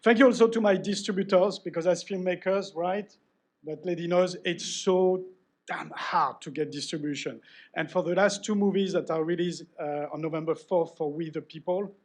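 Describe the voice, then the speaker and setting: A middle-aged man with a French accent gives a live acceptance speech, joking at his own expense as he thanks people by name. His voice sits fairly high for a man. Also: moderate pace. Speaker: award recipient giving a speech.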